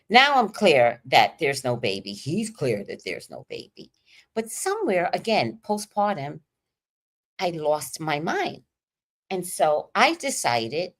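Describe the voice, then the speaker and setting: A woman with a low voice hosts a livestream, sharing a candid personal story. She's animated and profane, swinging from loud emphasis to hushed asides.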